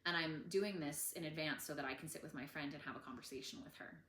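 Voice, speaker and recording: A woman in her thirties teaching about healing trauma in a gentle, conversational way, with many fillers. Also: low voice, quick pace, reverberant. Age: 30s. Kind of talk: casual teaching talk.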